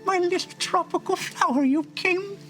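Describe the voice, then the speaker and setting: A man's voice: normal speed, soft background music. A man playing a frail, tender old gnome grandmother. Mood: tender, proud. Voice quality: soft, breathy and high. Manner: tender, gently reassuring.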